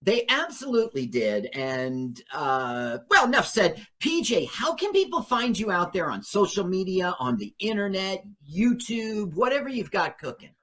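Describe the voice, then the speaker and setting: A man's voice: high-pitched, very animated, moderate pace, hardly any pauses, bright, forceful tone. A man hosting a radio show, interviewing a comedian guest in an encouraging way. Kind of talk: casual interview.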